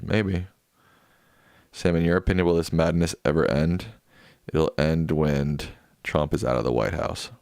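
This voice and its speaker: Very deep-voiced man reading stream chat. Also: creaky, darkish tone, no echo, studio quality. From United States. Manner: reads viewer comments aloud and answers offhand. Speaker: livestream host reading chat. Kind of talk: casual chat.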